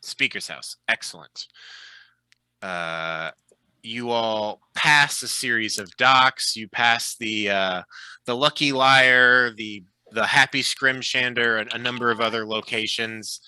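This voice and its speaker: A man narrates a tabletop session as game master, his voice very bright and sharp. He talks in a relaxed, chatty way and fills his sentences with ums and uhs. The sound is dry and close. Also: mid-range voice, takes it slowly, clear, resonant tone, no room sound, rough recording. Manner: relaxed, chatty, with frequent fillers.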